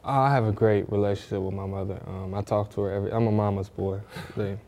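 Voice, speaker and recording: Young male athlete, laid-back interview talk, deep and warm. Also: steady tone, quick pace, a little hiss or hum. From Northwest Ohio. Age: young adult. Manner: laid-back, says "man" a lot. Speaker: athlete guest. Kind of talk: casual interview.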